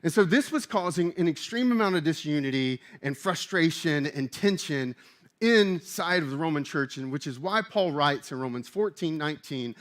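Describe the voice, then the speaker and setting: A man preaching a sermon as pastor, in an animated, emphatic and conversational way. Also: fairly high pitch, normal speed.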